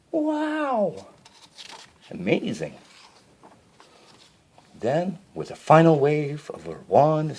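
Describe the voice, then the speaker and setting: A man with a fairly low voice reads a children's storybook aloud. His delivery is lively and his pitch swings widely. He stumbles and restarts now and then. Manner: expressive with small slips and restarts.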